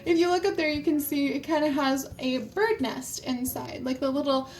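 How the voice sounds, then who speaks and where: High-voiced chatty woman vlogger. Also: normal speed, darkish tone. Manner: chatty and enthusiastic, many "like" fillers. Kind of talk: casual chat.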